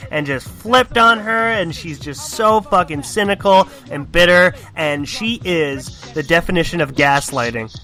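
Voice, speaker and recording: Rambling bright-voiced young man podcaster. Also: sits high. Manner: rambling, profane, self-deprecating. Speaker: podcast host. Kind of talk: casual podcast chat.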